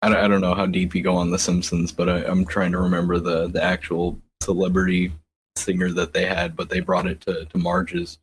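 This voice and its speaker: A man's voice: low-pitched, monotone, brisk, a little hiss or hum. A man co-hosting a comics podcast, talking in a laid-back way with lots of fillers and frequent laughter. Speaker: podcast co-host. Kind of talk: casual comic book discussion.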